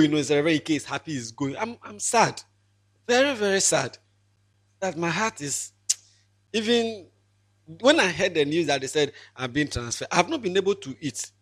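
A man's voice: fairly high pitch, fairly bright tone. Ghanaian pastor in his twenties, preaching. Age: 20s. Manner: emotional, joking, repetitive, pulpit preaching. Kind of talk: farewell sermon to a congregation.

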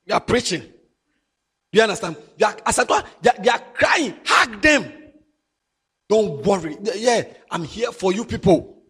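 A middle-aged man with a Ghanaian accent, preaching a sermon as a pastor, animated and mixing English with Twi. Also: high voice, moderate pace, long pauses, slightly rough.

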